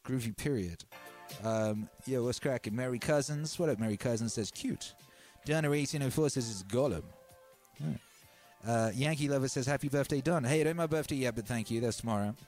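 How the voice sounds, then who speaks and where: A man's voice: mid-range voice, fairly quick, darkish tone, soft background music. A man hosting a livestream, chatting casually in a laid-back, slangy, rambling way. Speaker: livestream host.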